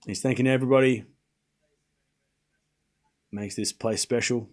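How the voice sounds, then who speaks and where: Speaking a little slowly with fairly even intonation, this medium-pitched male host runs a live watchalong. He rambles casually to his chat, full of fillers and false starts.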